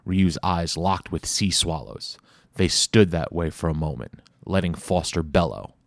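A man reads an audiobook chapter with steady, measured storytelling. His voice is low and deep. The sound is close and dry, with no room echo. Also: vocal fry. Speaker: audiobook narrator. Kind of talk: scripted narration.

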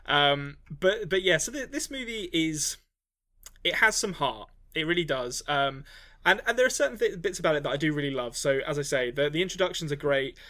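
A man's voice: fairly high pitch, animated, a little fast, pushed and bright. A man co-hosting a movie podcast, talking casually with lots of restarts and ums. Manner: rambling, many restarts and ums. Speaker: podcast co-host. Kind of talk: casual movie review chat.

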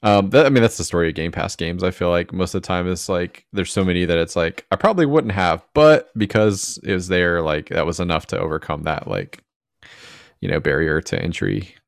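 A man's voice: low voice, expressive, brisk, creaky, no echo, clean studio sound. A man hosting a casual podcast chat, easygoing and teasing. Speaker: podcast host.

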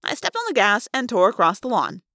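Lively woman reading a novel aloud. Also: mid-range voice, brisk, no echo, clean studio sound. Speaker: narrator. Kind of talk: fan read-aloud of a novel.

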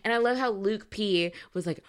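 A woman's voice: medium pitch, moderate pace. A young woman co-hosting a podcast, chatting casually and retelling scenes with lots of laughter. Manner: giggly, animated retelling with frequent laughs. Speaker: podcast co-host. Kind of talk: casual chat.

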